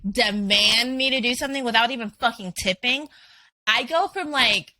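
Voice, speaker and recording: A woman from Canada in casual podcast chat, animated, laughing often and swearing freely. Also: fairly high pitch, moderate pace. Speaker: guest.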